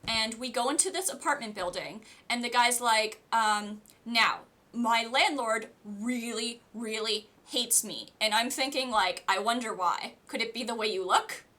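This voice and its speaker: A young woman streamer casually telling a storytime to her chat, chatty and animated, full of "like" fillers and laughter. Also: on the high side, unhurried. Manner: answers live chat.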